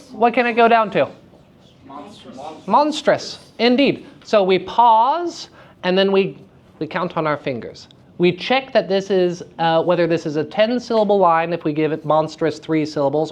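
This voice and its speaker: A man teaching verse speaking to high school students in a live lecture, with a playful and teasing manner. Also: dull audio. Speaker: drama teacher giving a lecture. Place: school room at a theater festival.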